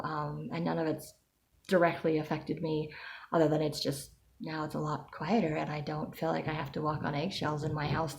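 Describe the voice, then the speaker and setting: A woman's voice: low-pitched, slight background noise. A woman talking through her anxiety in a chatty personal video diary. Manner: anxious, chatty, self-reassuring. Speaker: vlogger.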